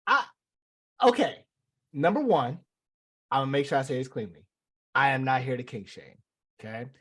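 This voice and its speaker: A man's voice: medium pitch, very animated, moderate pace, a bit bright, husky. A man co-hosting a podcast, rambling with restarts and chuckles as he gives his take. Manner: rambling, self-correcting, chuckling. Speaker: podcast co-host. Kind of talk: casual podcast banter.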